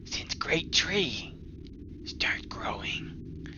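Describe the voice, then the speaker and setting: A man's voice: sing-song, very slow, highs cut off, exaggerated voice. A man voicing a timid male goblin who speaks in broken, whispery sentences. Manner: broken grammar, high and whispery.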